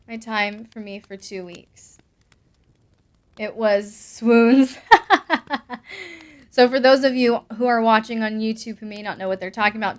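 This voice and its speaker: A woman's voice: on the high side, smooth. A young adult woman hosting a live stream, reading viewer comments aloud with bubbly asides and frequent laughs. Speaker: host answering patron questions.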